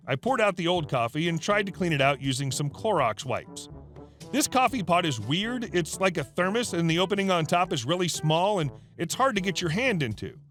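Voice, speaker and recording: A man reading stories aloud as a narrator, with expressive, animated delivery. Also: high-pitched. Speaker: story narrator. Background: faint background music.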